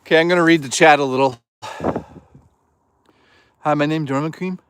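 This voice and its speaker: Live-streaming during a woodland hike, a man rambles, jokes, swears, and reads the chat in casual banter. His voice is on the high side and a bit bright, at a moderate pace, with a little hiss or hum on the recording.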